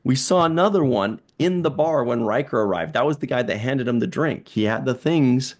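A man's voice: medium pitch, expressive, moderate pace. A man co-hosting a podcast, talking casually and at length about a TV episode with playful, rambling asides. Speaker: podcast co-host. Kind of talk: casual chat.

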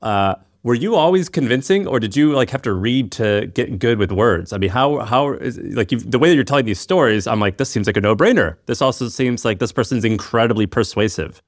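A man's voice: medium pitch, lively intonation, fairly quick, few pauses, no room sound, clean studio sound. A man hosting a casual interview, asking rambling questions with restarts. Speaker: podcast host.

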